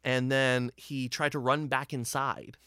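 A man's voice: mid-range voice, level tone, unhurried, bright, forceful tone, smooth, no room sound. A man casually telling a rambling road story from touring with his band, swearing freely.

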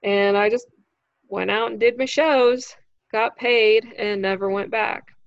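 A woman who is a standup comic, telling a story in casual chat, animated and swearing freely. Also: a little high, takes it slowly, gravelly, dry recording, highs cut off. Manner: animated, acts out quoted voices, swears freely.

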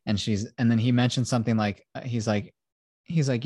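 A man's voice: medium pitch, steady tone, a little fast, mellow, breathy edge, no room sound, clean studio sound. A man hosting a casual podcast, animatedly retelling a film scene by scene, acting out the characters and swearing freely. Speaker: podcast host.

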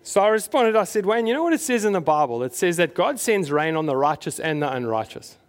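A man's voice: high-pitched, big pitch swings, fairly quick. A man preaching a conversational sermon to his congregation, asking them questions as he goes. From South Africa. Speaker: pastor.

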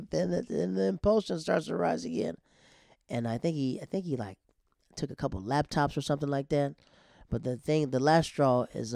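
A man casually telling a long story, animated, with frequent restarts and acted-out quotes. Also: mid-range voice, vocal fry, dry recording, studio quality. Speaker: storyteller guest.

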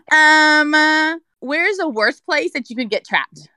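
A woman guest on a casual podcast, excitable and scattered, giggling between questions. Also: high-pitched, slow, no echo, poor audio.

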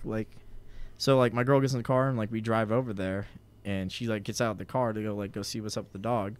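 A man's voice: on the low side, fairly even intonation, fast. Rambling young man telling a story. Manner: rambling, profane, heavy on filler "like". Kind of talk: casual storytelling chat.

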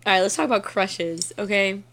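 A woman's voice: mid-range voice, brisk. A young woman co-hosting a podcast, chatting casually with lots of swearing and laughter. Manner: profane, laughing, animated storytelling. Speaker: podcast co-host. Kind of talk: casual chat.

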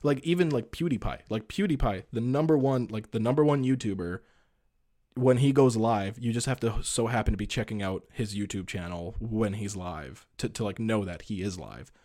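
A man's voice: on the low side, moderate pace, mellow. A man hosting a casual podcast chat, rambling with lots of filler words and restarts. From Canada. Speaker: podcast host.

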